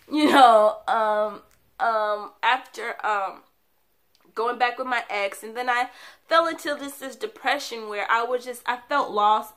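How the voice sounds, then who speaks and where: A young woman talks straight to her viewers in a bright, fairly high voice and shares a hard personal story. She sounds candid and confiding, and laughs between the sad moments. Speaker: vlogger.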